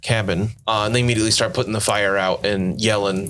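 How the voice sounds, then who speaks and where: A man narrating as game master of a tabletop game, relaxed and loose with plenty of fillers. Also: on the low side, a little fast, a little hiss or hum.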